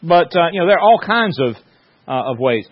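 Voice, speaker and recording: A man's voice: on the high side, big pitch swings, fairly quick, breathy edge. Folksy man preaching, lo-fi. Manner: folksy, joking storyteller with restarts. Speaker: pastor. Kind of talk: sermon. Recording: dull lo-fi sound.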